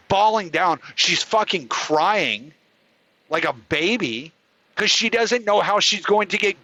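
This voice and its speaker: A man rants in heated, profanity-laced bursts, his voice sitting high with a sharp, bright edge. The sound is dry and close, with no room around it. He talks like a host venting straight to his listeners. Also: no room sound, rough recording. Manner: furious, profane, heated ranting. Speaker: podcast host. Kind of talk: angry ranting monologue.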